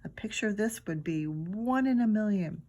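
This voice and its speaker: A woman voicing a calm, gentle male nature guide in a storybook, talking softly and hushed. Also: medium pitch, moderate pace, close to an everyday voice. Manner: soft and hushed.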